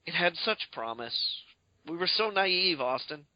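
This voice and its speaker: A man's voice: high-pitched, sing-song, takes it slowly, no room sound, dull audio. A man co-hosting a podcast, chatting casually and spinning exaggerated comic riffs. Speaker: podcast co-host. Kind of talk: casual comedic chat.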